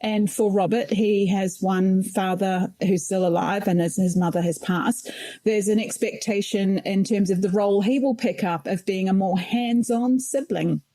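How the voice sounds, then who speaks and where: A woman's voice: mid-range voice, fairly even intonation, normal speed, dark tone, no echo. A middle-aged woman with a New Zealand accent, a podcast guest speaking reflectively and thoughtfully. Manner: reflective, thoughtful, laughs lightly. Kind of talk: conversational interview.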